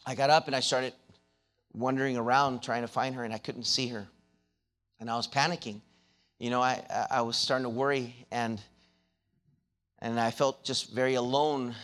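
A man preaching a sermon, telling a childhood story and then building into loud, rising exhortation with many repeated words and restarts. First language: not English. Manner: restarts and repeated words, grows louder and higher when preaching.

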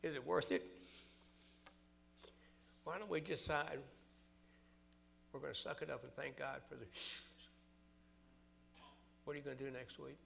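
An older man from the American South preaching a fervent sermon, building loud through scripture and dropping low and quiet for personal stories. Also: steady tone, measured pace, vocal fry, long pauses, slight background noise.

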